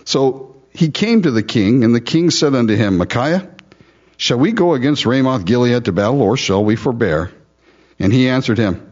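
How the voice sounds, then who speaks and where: Husky pastor with a lively delivery. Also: male voice, medium pitch, moderate pace, lo-fi sound. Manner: laughs often, acts out Bible figures sarcastically. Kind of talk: sermon, verse-by-verse Bible teaching.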